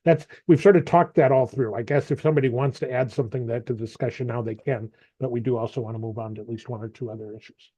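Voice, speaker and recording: A man's voice: mid-range voice, steady tone, fast, mellow, no room sound, highs cut off. A man running an online meeting over a video call, talking casually and often repeating words as he thinks. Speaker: meeting facilitator.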